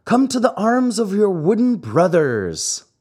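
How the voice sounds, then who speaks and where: A man voicing an excited male wooden marionette who yells in a shrill, high voice. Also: unhurried, husky, full character voice. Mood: excited yelling. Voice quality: shrill, yelling.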